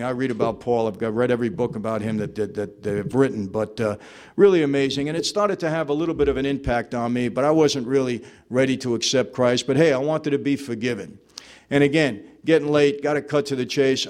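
A new man, from New York, gives his testimony to a live audience in a mid-range voice. He tells it conversationally, acts out dialogue, and says "you know" frequently.

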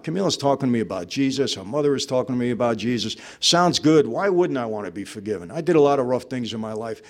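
A man from New York delivers a testimony talk to a live audience, animated and rapid with hardly any pauses. His voice sits in the mid range, and he acts out dialogue conversationally, frequently saying "you know."

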